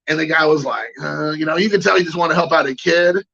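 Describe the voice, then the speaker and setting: A man's voice: fairly high pitch, fast, creaky, a bit bright, highs cut off. A man hosting a collecting show, telling a rambling anecdote in casual chat and greeting viewers. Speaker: card collecting show host.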